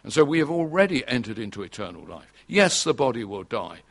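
A man's voice: mid-range voice, big pitch swings, a little fast, creaky. An older man preaching an earnest sermon, repeating key phrases for emphasis.

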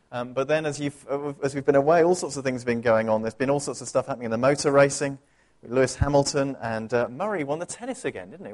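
A man from England preaching a sermon in a chatty way, asking the congregation questions. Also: mid-range voice.

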